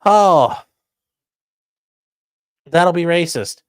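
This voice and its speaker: A man's voice: on the high side, drawn-out words, clear, resonant tone, no room sound. A man hosting a podcast, commenting sarcastically and profanely on news clips. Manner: sarcastic, profane, animated mockery. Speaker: podcast host.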